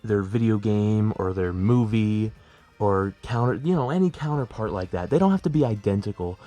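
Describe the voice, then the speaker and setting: A man's voice: on the low side, normal speed, warm tone, soft background music. A young man in a chatty, rambling, self-deprecating tutorial vlog, talking at home as a plush video creator. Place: bedroom at home.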